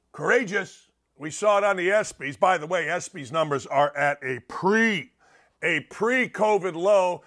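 A man's voice: sits high, pushed and bright. A middle-aged man hosting a talk show, delivering a brash, sarcastic, rambling opinion monologue.

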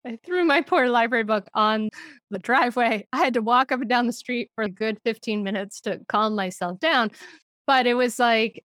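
Brief middle-aged woman, lively storyteller with frequent laughs, dry close mic. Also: on the high side, moderate pace, no echo. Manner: animated storytelling, laughs often. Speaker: podcast guest, parenting author. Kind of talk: conversational interview.

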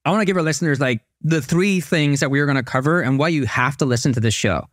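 A man's voice: fairly high pitch, quick pace, dry recording, clean studio sound. A tired man co-hosting a podcast, chatting casually, telling stories with frequent laughs and restarts. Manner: chatty storyteller, laughs often, rambling restarts. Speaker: podcast co-host.

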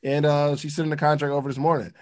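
A man's voice: a little high, level tone, fast talker. A man reading passages from a book aloud and breaking in with slangy, casual comments to explain them. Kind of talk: casual teaching talk.

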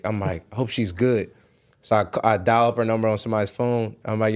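A man's voice: medium pitch, a little fast. A young man, a podcast guest, telling a story in casual chat and acting out the voices in it. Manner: animated, acts out voices in his stories. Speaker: podcast guest, pro basketball player.

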